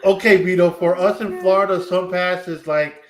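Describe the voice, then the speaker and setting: Blunt man, slightly high voice. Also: steady tone, moderate pace. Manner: blunt, reassuring, profane. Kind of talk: casual chat.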